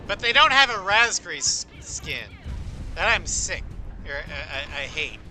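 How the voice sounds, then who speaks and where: Bright, high-voiced man streamer chatting. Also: sing-song, a little slow, soft background music. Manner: rambling, musing history talk with fillers. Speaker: livestreamer. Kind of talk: casual chat while gaming.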